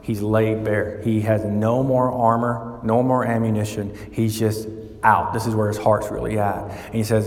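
A man delivers a sermon, his voice climbing in pitch and volume whenever he drives a point home. The sound rings through a large, roomy space with a long reverb tail. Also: normal speed. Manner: animated, rising in pitch and volume when building a point. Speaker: pastor. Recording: echoey church hall with long reverb.

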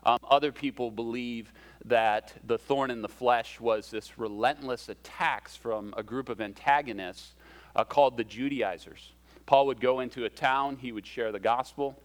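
A man's voice: mid-range voice, moderate pace. A man preaching a sermon as a pastor, in a conversational way with self-deprecating humor and shifting emphasis.

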